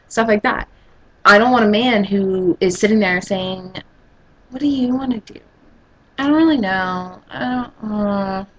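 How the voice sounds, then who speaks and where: A young woman of eighteen from Texas speaks her mind in a casual vlog. Her voice sits in a middle register but leaps high when she gets exasperated. She is blunt and opinionated throughout. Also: fairly bright tone, poor audio.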